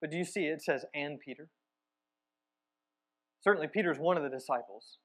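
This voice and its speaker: A man teaching a sermon, telling the story with sudden swings from emphatic to hushed. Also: on the high side, normal speed. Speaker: church teacher.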